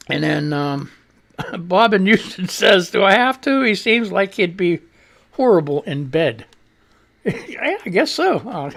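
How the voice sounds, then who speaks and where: A man's voice: sits high, big pitch swings, a little slow, gravelly, fairly bright tone. A man in his sixties hosting a live radio stream, chatting casually and profanely and reading viewer tweets. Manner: profane, rambling, laughs at himself. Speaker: radio show host.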